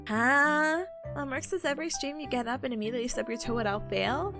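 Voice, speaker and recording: A woman's voice: high-pitched, brisk, hardly any pauses, bright, forceful tone, soft background music. A woman streamer in casual live chat, playful and silly, laughing often between lines. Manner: silly, sings sound effects.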